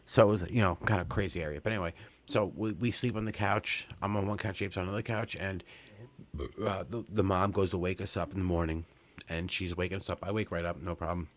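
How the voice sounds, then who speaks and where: A man's voice: low-pitched, fairly even intonation, fast. A man, hosting a podcast and telling a story casually, rambling and cursing, with many fillers and restarts. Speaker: podcast host.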